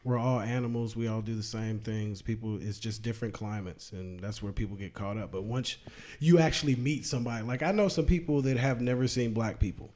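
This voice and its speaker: A man's voice: mid-range voice, brisk, hardly any pauses, darkish tone. A man, a comedian guest, speaking bluntly and loosely with profanity in a casual panel discussion.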